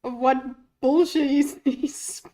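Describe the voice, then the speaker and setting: A woman's voice: high voice, fairly even intonation, takes it slowly, dark tone, poor audio. A woman streamer giving live reaction commentary on a debate, giddy and laughing through her words, swearing casually.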